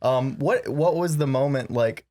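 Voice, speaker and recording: A man's voice: medium pitch, measured pace, warm tone. A man co-hosting a podcast, chatting casually in an easygoing, agreeable way and steering to new subjects. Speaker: podcast host. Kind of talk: casual chat.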